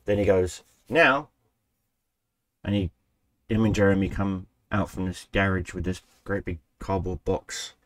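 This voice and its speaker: A man's voice: sits low, steady tone, a little slow, a bit bright. A man hosting his own channel, telling a long story in casual, profane speech, often correcting himself, into a desk microphone. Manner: profane, rambling, self-correcting. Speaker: gaming channel host. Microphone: desk microphone he keeps bumping.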